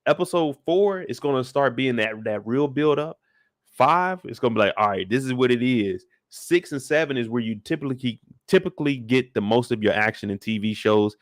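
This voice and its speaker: A man's voice: mid-range voice, lively intonation, moderate pace, dry recording, clean studio sound. Laid-back slangy man recapping a show. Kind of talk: casual live recap talk.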